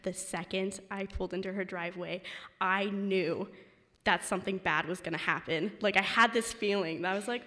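A woman's voice: mid-range voice, steady tone, moderate pace, bright, forceful tone. A young woman telling a personal story to a live audience, chatty and full of fillers like "like" and "um". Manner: chatty, filler-heavy, many "like"s. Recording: long hall reverb.

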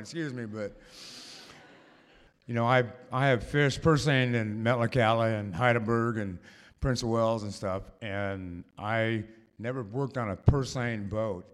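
A man telling a personal story to a live audience, halting and rambling, full of fillers and restarts. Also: medium pitch.

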